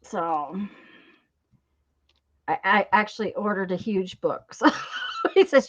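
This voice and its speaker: A woman's voice: mid-range voice, expressive, takes it slowly. A woman hosting a casual crafting live stream, telling stories in a rambling way with lots of fillers and restarts. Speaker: craft channel host. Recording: dull lo-fi sound.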